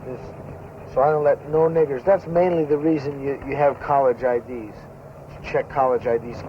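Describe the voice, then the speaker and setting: Actor as young greaser, slangy, rambling; lo-fi 1970s film audio, steady hiss. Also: male voice, medium pitch, normal speed, natural voice. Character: pushy young greaser, crude and street-talking. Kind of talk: naturalistic 1970s film acting.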